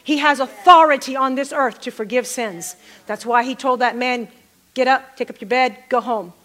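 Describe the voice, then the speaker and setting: High bright-voiced woman preaching. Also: moderate pace. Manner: call-and-response, repeats phrases for emphasis. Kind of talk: sermon.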